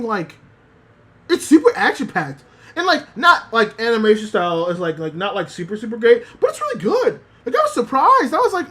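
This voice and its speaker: A woman streamer rambling about anime in a loose, profane way. Her pitch leaps up and down constantly as she gets worked up, at a middling height overall. She reads out chat comments between her points. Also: breathy edge. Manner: animated, profane, rambling with many fillers; reads chat messages aloud. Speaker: VTuber streamer.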